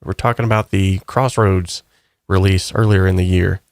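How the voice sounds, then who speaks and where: Gravelly, rambling male livestream host. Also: low voice, moderate pace, dry recording, studio quality. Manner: rambling, relaxed, upbeat. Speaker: channel host. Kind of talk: casual livestream chat reading comments.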